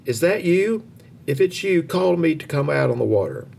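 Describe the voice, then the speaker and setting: A man voicing an eager, excitable adult male fisherman who sounds pleading and excited. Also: mid-range voice, moderate pace, slight background noise, natural voice.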